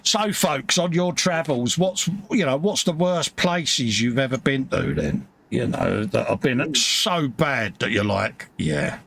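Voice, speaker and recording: A man's voice: medium pitch, expressive, slow, vocal fry, hardly any pauses, fairly bright tone. A man with a Cockney accent hosting a casual live model-building stream, chatty and matey, reading out viewer comments. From England. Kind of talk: casual chat. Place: home hobby workbench.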